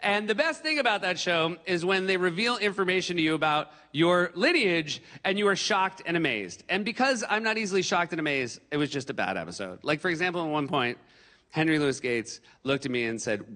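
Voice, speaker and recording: A man's voice: fairly high pitch, fairly quick, in a large hall. A man performing stand-up comedy on a theater stage, telling stories and acting out the quotes. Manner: animated storytelling with acted quotes.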